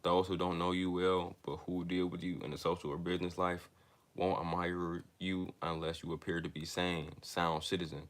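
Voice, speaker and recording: The reader is a young man whose low, fairly bright voice carries a flat delivery. He reads a self-help book haltingly, repeatedly stumbling and restarting words, with casual asides to the people listening.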